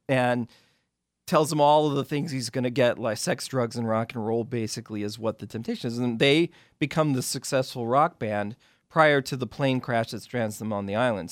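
A man's voice: mid-range voice, no room sound. Man rambling through film analysis, dry. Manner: rambling, with many restarts and retellings of scenes. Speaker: film critic guest. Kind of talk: casual explanatory radio talk.

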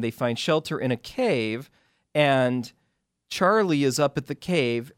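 A man's voice: medium pitch, dry recording, clean studio sound. A man who is a film critic, a guest on a radio talk show, explaining scenes in a loose, rambling way with frequent restarts.

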